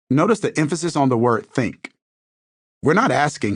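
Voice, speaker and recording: A man's voice: medium pitch, expressive, a little fast, husky, no room sound, studio quality. A man reading an inspirational self-help book aloud in a scripted, earnest style, building his points through rhetorical questions. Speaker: audiobook narrator.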